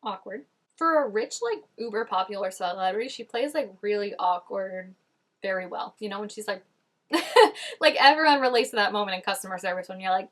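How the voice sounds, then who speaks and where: A woman chats her way through a reaction video, commenting casually on scenes as they play. Her talk is loose and full of "like", and her voice sits at a medium pitch. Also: expressive, fairly quick. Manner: chatty, frequent "like", reacting to scenes.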